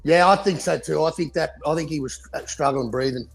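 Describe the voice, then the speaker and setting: A man's voice: a little high, fairly quick, gravelly, husky. A man co-hosting a casual boxing podcast, talking in profane, heated rants. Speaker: podcast co-host.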